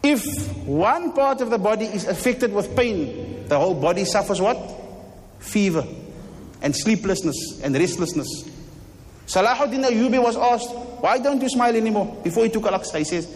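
An imam's voice, high and animated at a normal speed, fills a large mosque hall during an impassioned sermon. He fires off rhetorical questions and repeats his lines with fervor.

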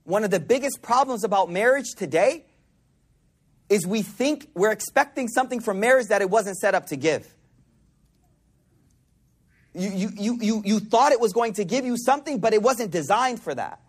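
A man preaching a sermon to a live audience, repeating phrases for emphasis and dropping from loud, emphatic lines to hushed, intimate ones. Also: sits high, slightly rough.

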